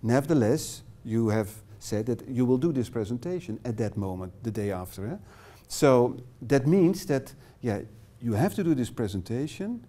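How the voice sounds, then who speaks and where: A man's voice: medium pitch, lively intonation, moderate pace, few pauses, dark tone. Dutch-accented man leading a workshop. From Netherlands. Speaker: workshop trainer. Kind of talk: live workshop presentation. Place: small classroom.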